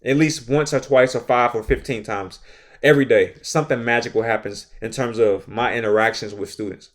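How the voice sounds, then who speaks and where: A man's voice: mid-range voice, steady tone, a little fast. A male teacher hosting a podcast, giving advice in an emphatic monologue that repeats key points and keeps checking in with the listener. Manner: acts out his own classroom lines.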